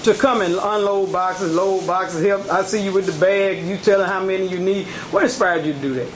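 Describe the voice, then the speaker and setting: A man hosting an on-location talk show, chatty and lively, out of breath as he talks to viewers. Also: high-pitched, a little fast, slight background noise. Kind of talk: casual on-location interview.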